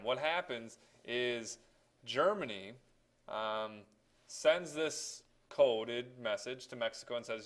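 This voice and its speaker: A man's voice: mid-range voice, smooth. A man teaching a history lesson, talking casually with many fillers and checking in with "okay?". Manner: conversational, many fillers and tag questions. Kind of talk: classroom history lecture.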